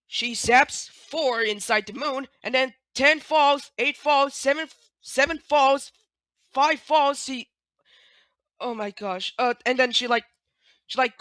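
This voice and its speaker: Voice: medium pitch, pushed and bright, dry recording. A speaker casually retelling cartoon scenes in a rambling, hesitant way, full of fillers and restarts.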